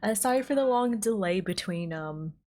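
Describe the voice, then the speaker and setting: A woman's voice: medium pitch, lively intonation, normal speed. A woman, streaming live and chatting casually with her viewers, bubbly and giggly. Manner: bubbly, giggly, greets chat warmly.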